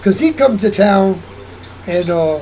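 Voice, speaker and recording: A man's voice: high voice, lively intonation, measured pace, darkish tone, slight background noise, rough recording. A man vlogging in a rambling casual monologue, often repeating himself and restarting sentences.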